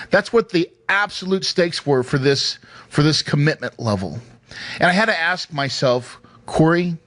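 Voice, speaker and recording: A podcast host with a somewhat high, slightly bright voice tells a personal story emphatically and emotionally, laughing often into his studio microphone. There's no room sound.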